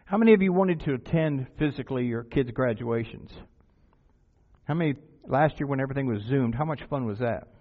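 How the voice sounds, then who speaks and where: A pastor with a mid-range voice preaches fairly quickly to his congregation, urging them on with earnest, repeated exhortations and rhetorical questions. The audio sounds tinny and phone-like, with faint music.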